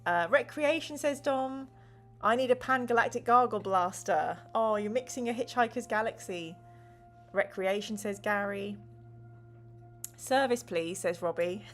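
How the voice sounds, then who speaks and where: A woman's voice: mid-range voice, measured pace, faint music behind. Bubbly woman streaming a gamebook. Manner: bubbly, laughs often, reads chat aloud. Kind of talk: live-stream gamebook play and chat reading.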